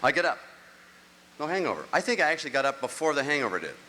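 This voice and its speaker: A man's voice: fairly high pitch, sing-song, fast talker, heavy background noise. A middle-aged man performing a rambling, self-mocking stand-up comedy set on stage. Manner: rambling, self-mocking storytelling with act-outs. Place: large live venue, on stage. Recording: live show audio with long hall reverb.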